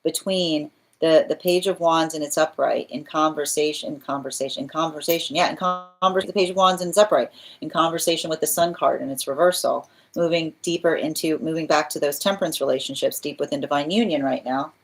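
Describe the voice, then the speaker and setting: Low-pitched woman tarot reader thinking aloud, earnest and repetitive. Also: fairly quick. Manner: earnest, repetitive, often asks "right?"; restarts phrases while thinking aloud. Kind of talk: live tarot reading.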